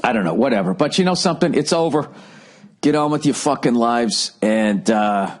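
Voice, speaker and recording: A man's voice: medium pitch, expressive, normal speed. A man in his forties with a Boston accent, ranting profanely through a casual solo monologue as podcast host.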